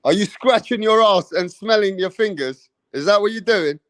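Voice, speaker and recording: A man's voice: high-pitched, normal speed, a bit bright, no room sound. A man who hosts boxing commentary, mocking and taunting a viewer in a profane, repetitive rant. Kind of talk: ranting reaction commentary.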